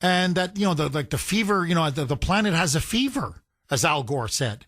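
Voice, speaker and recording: A man's voice: fairly high pitch, expressive, a little fast, a bit bright, no room sound, clean studio sound. A man hosting a call-in talk radio show, talking emphatically with sarcastic jabs. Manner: sarcastic, emphatic, mocking imitations.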